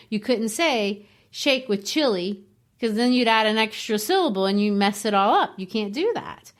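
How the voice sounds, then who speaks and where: In a casual literature discussion, a middle-aged woman co-hosting the podcast explains verse rhythm like a teacher, tapping out the beats. She has a mid-range voice with lively intonation and talks at a normal speed.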